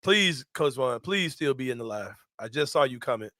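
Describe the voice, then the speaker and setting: A young man hosting a casual sports talk show, telling stories loudly, laughing often and swearing freely. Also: medium pitch, animated, moderate pace, no room sound, studio quality. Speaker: host.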